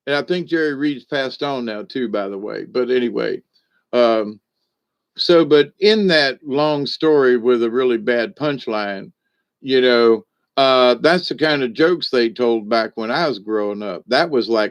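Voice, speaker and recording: Slow, folksy man musing on faith. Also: mid-range voice. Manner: folksy, rambling, with many fillers. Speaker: speaker on spiritual lessons. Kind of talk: rambling storytelling and reflection.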